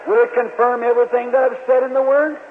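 A man preaching a sermon in a large church, telling a Bible story earnestly with halting restarts and quoted voices. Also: extremely high pitch, little pitch movement, slight background noise. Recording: old lo-fi tape, hall reverb, tinny.

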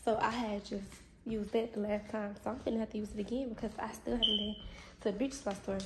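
Talking to her phone camera at home, this young woman vlogger is blunt and cusses freely, clearly fed up and worn out. She speaks quickly in a mid-range voice with fairly even intonation, over a very noisy background.

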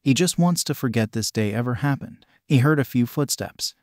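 A man narrating a fan fiction story in an even, steady reading. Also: medium pitch, a little fast, few pauses, dry recording, clean studio sound.

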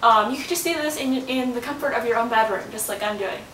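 Talking fast in a slightly bright voice, a vlogger works out at home in her bedroom, chatty and increasingly out of breath, switching to a sing-song voice for her baby. The recording sounds roomy and far off, with a faint rumble underneath.

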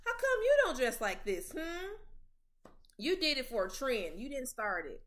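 Young woman ranting on her podcast, slangy, keeps restarting, kinda high voice. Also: moderate pace. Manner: outspoken, animated, stammers and restarts, slangy. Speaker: podcast host. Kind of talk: casual commentary chat.

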